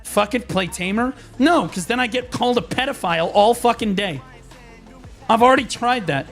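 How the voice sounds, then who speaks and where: A man's voice: sits high, lively intonation, normal speed, soft background music. A young man streaming a game, ranting in a frustrated, profane, rambling way with many restarts. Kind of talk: live-stream rant.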